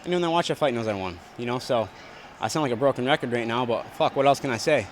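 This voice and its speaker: A mid-range voice, fast and with slight background noise, belongs to a young male fighter facing reporters after his bout. In this arena backstage press scrum, his post-fight answers are blunt, crude and repetitive.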